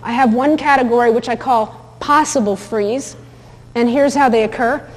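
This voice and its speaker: A woman's voice: fairly high pitch, moderate pace. Chatty woman lecturing in a reverberant hall. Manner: chatty, anecdotal, many fillers and restarts. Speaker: dog behavior instructor. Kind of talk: recorded lecture with video clips.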